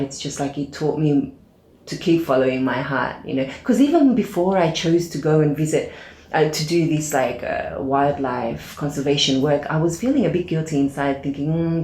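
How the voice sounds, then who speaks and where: A woman's voice: low voice, dark tone. A woman, a podcast guest, telling a personal story in a casual interview. She talks with many fillers and acts out the dialogue she quotes. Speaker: podcast guest, aid organization founder. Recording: roomy echo.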